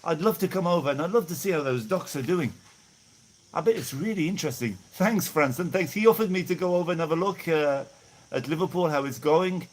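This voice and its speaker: A man's voice: a little high, a little fast, a little hiss or hum. Chatty middle-aged Brummie man, rambling. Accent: Birmingham English. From England. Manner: rambling, chatty, laughs often, thanks viewers by name. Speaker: live-stream vlogger. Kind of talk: casual live chat, reading out viewer messages. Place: outdoors in hot weather.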